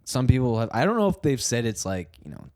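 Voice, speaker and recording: A man's voice: medium pitch, very animated, fast talker, a little mellow, no echo, studio quality. A young man who co-hosts a casual comedy podcast. He rambles, restarts his sentences and laughs often.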